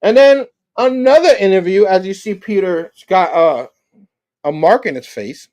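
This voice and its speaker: A man's voice: high-pitched, expressive, measured pace, darkish tone. A male host casually recapping a comic book, chuckling as he tells the story.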